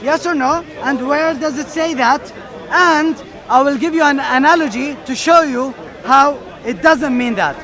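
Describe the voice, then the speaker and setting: A young man debating in a public park, firm and deliberate, pressing his questions insistently. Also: very high voice, bright, forceful tone. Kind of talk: street debate. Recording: outdoor crowd chatter. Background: crowd.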